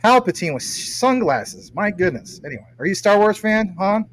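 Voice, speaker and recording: A man's voice: sits high, very animated, moderate pace, a little hiss or hum, rough recording. A man hosting a casual livestream, reading viewer comments and teasing his guest playfully. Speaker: livestream host.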